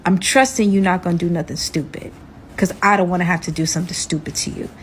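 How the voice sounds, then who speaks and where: A woman voicing a menacing young man on the run, speaking in a blunt, threatening way a little lower than her own voice. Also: flat delivery, unhurried, slight background noise, close to an everyday voice.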